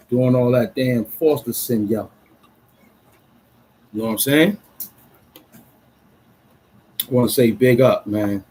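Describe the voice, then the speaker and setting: An adult man from Brooklyn, chatting casually on a livestream in an excitable, rambling way full of street slang. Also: medium pitch, husky, rough recording. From Brooklyn, New York. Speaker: vlogger.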